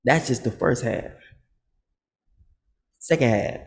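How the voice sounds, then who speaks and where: A man vlogging, telling a story casually in an animated, boastful and confrontational way, acting out the other people's lines. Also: mid-range voice, slow.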